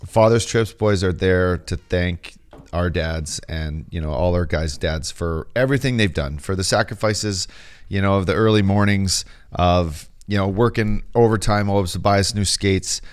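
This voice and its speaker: A man's voice: deep voice, normal speed, clear, resonant tone. A man co-hosting a podcast, a former pro hockey player telling a story in casual, profane, rambling chat.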